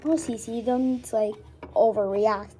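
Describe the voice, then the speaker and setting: A woman voicing a calm, caring mother in a toy animal family, patient and gently reassuring. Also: fairly high pitch, moderate pace, a little hiss or hum, lightly acted. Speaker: toy storyteller voicing all the figures.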